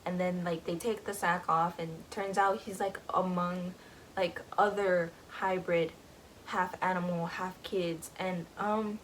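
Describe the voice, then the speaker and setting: A woman's voice: fairly low pitch, fairly even intonation, unhurried, slight background noise, low-quality recording. A woman casually recapping a book, rambling, with lots of filler words.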